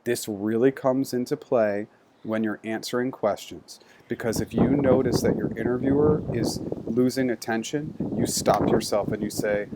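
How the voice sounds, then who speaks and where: A man of medium pitch and moderate pace, working as a career coach, walks through numbered points in a structured, conversational lesson on interview skills. The background is noisy.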